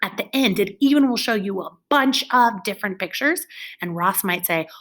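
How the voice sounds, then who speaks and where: A woman's voice: mid-range voice, lively intonation, moderate pace, a bit bright. A woman teaching young children in a recorded lesson, with an encouraging, exaggerated teacher voice.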